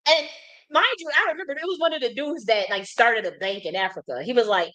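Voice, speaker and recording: A woman in her thirties from the United States tells a casual story in a blunt, profane and animated way. Her voice sits fairly high. She stumbles and restarts often as she talks. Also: fast talker, rough recording. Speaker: host.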